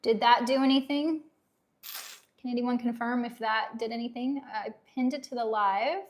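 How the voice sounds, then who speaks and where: This livestream host, a Tennessee woman with a light Southern accent, has a slightly high voice with fairly even intonation and a moderate pace. She keeps things chatty and upbeat, laughing readily as she reads out comments from viewers.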